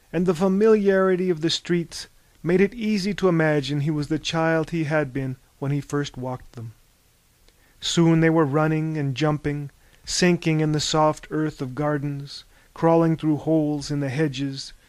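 Male storyteller, slightly raised pitch, dry booth, animated reads. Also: dry recording. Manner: animated, bursts into loud high character shouts. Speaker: narrator. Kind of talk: audiobook narration.

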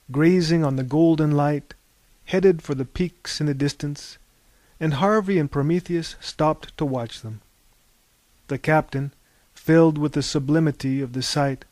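A man narrating a storybook in a calm, measured, wry way. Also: fairly high pitch, no room sound. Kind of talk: storybook reading.

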